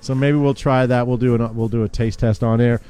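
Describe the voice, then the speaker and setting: A man's voice: medium pitch, steady tone, a little fast, mellow, clear, resonant tone. A man hosting a casual live podcast, joking and handing out gifts to his co-hosts. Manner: upbeat, jokey, handing out gifts on air. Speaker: podcast host. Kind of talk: casual show banter.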